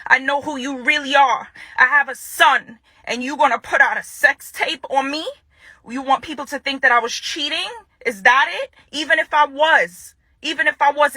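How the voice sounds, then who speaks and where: Woman, young adult, angry public callout, confrontational, repeats herself for emphasis, bright edgy tone. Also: high voice, no echo. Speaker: woman addressing her ex-partner in a public video.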